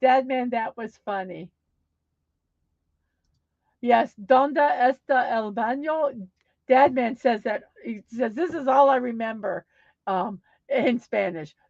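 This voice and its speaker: A woman hosts a casual livestream, chatting upbeat and reading comments aloud. Her voice sits fairly high and she talks slowly. The sound is dry and a bit dull and lo-fi. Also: vocal fry, no room sound. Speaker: livestream host.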